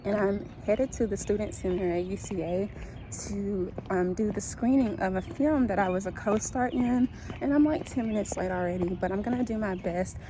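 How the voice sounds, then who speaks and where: Chatty woman vlogging over traffic noise. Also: medium pitch. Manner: chatty, hurried, friendly. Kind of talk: casual vlog talk to camera. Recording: loud traffic and outdoor noise.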